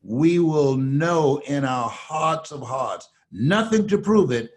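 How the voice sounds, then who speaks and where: An older man from the United States, a motivational speaker telling stories as a guest, slow and emphatic like a preacher. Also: a little high, lively intonation, slight background noise. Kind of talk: storytelling motivational talk.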